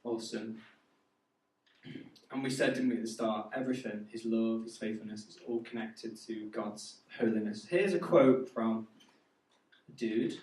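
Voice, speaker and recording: A man's voice: on the low side, moderate pace, long pauses, darkish tone, far from the mic. Chatty man preaching in an echoey hall. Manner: chatty, asks the audience questions. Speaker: youth preacher. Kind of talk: sermon. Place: hall with a youth audience.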